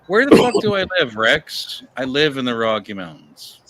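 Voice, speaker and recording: A man in a casual stream chat answers sarcastically and swears freely. His voice has medium pitch and moves lively up and down. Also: moderate pace, rough recording.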